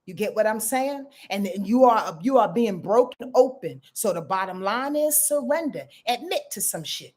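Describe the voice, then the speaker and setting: Woman astrologer, mid-pitched, blunt and emphatic, with casual swearing. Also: animated, moderate pace, few pauses, darkish tone.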